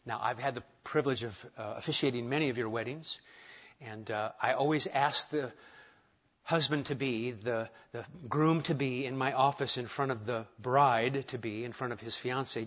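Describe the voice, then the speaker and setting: A male pastor delivers a sermon in a church with easy humor, dropping to quiet asides and then lifting into emphatic, rising points. His voice sits in a middle pitch. The recording sounds dull and lo-fi. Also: normal speed. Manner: conversational, self-deprecating humor, swings from quiet to emphatic. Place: church sanctuary.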